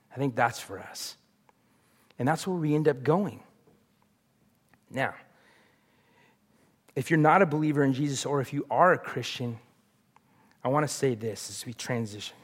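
A man's voice: mid-range voice, normal speed, pauses often, a bit bright, breathy edge. A man preaching a sermon as pastor, earnest and confessional, building to emphatic peaks.

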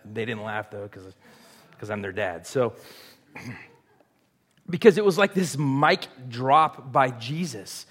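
A man's voice: a little high, animated, measured pace, husky. A man preaching a sermon in a conversational, joking way, full of rhetorical questions. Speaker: pastor.

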